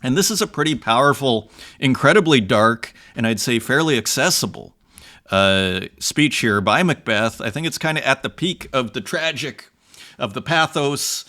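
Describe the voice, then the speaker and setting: A man with a bright, forward voice hosts a casual art commentary show. He chats conversationally with many fillers, then reads passages aloud with slow, dramatic emphasis. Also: medium pitch, lively intonation. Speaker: host.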